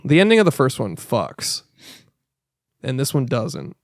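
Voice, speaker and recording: A man's voice: mid-range voice, huge pitch swings, a little slow, vocal fry, dry recording, clean studio sound. A man co-hosting a film podcast in rambling, profane, laugh-filled casual chat. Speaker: podcast co-host.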